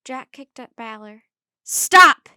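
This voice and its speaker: A woman reading a children's chapter book aloud in a clear, measured storytelling manner. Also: fairly high pitch, steady tone, no echo, studio quality.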